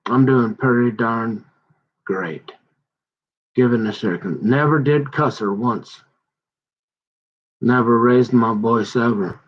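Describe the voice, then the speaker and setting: A man telling a long personal grievance in a rambling, halting way, often restarting his sentences and growing heated as he goes. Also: medium pitch, lo-fi sound. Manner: aggrieved, heated. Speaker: son recounting a family conflict.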